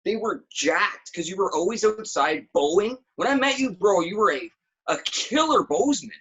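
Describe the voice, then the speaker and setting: Animated, bright-voiced man telling stories. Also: high voice, moderate pace, highs cut off, slight background noise. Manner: animated, profane storytelling. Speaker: podcast guest. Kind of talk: casual chat.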